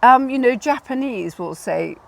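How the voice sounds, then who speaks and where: A woman hosting a casual chat about plant names, instructive and quick to laugh, repeating words to stress them. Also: fairly high pitch, expressive, gravelly, fairly bright tone. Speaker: garden designer and host.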